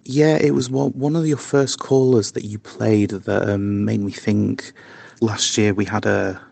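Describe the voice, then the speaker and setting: A man's voice: on the low side, steady tone, unhurried, vocal fry, a little mellow, husky, dry recording. A man leaving an earnest, reflective voice message for a podcast. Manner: earnest and reflective, with small restarts. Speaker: caller leaving a voice note. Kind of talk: heartfelt voice message.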